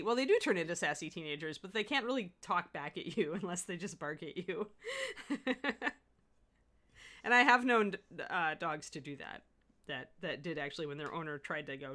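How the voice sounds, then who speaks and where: A middle-aged woman who teaches miniature painting is running a live-streamed demo and chatting with her viewers. Her voice is a little low yet bright and forceful, and she talks a little fast in a rambling, easygoing manner. She laughs often while answering the chat.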